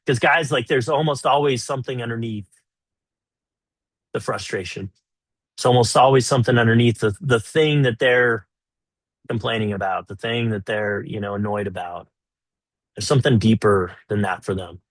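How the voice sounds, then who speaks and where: A man's voice: mid-range voice, moderate pace, long pauses, no echo. A man coaching on marriage in a webinar, talking conversationally and often checking in with "right?". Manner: acts out example dialogues. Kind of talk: webinar teaching.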